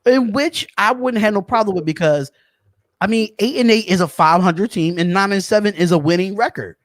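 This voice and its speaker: A man hosting a casual sports talk podcast, animated and chatty, calling out to viewers. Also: sits high, a little fast, no room sound, clean studio sound. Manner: animated, shouts out viewers, says y'all. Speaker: podcast host.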